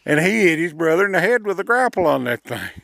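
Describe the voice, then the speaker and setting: An older man with a drawl tells logging stories in an easy, chuckling way. His voice is gravelly and a touch high, recorded dry and close. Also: big pitch swings, quick pace, a bit bright, dry recording. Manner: drawling rural storyteller, chuckling. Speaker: retired logger and sawmill owner. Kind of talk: casual storytelling.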